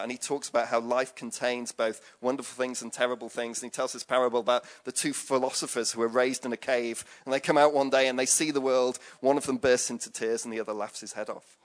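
A man's voice: medium pitch, fairly even intonation, fast talker, few pauses. A man preaching a conversational sermon, chatty and jokey, with lots of asides.

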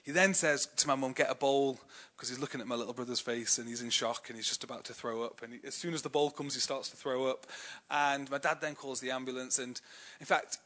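A man's voice: medium pitch, steady tone, brisk, few pauses, sharp tone. A young English man preaching a sermon in a chatty, self-deprecating way, telling personal stories with many fillers. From England.

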